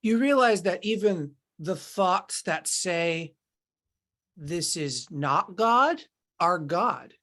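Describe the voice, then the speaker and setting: A woman's voice: lowish voice, lively intonation, takes it slowly, fairly bright tone. Reflective woman musing on awareness. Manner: meandering and reflective, acting out inner voices in quotes. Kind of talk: casual podcast conversation.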